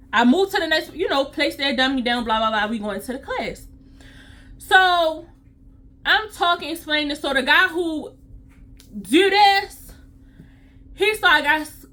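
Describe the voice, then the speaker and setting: A woman CPR instructor telling a story to her vlog audience in a sassy, animated way. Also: high voice.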